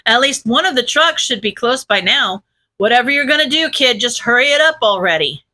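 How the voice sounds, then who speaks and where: A laid-back grown man of a hero, casual and a bit whiny, as a woman reading the story puts him on. Her voice stays bright and high. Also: expressive, a little fast. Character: easygoing adult male pro hero.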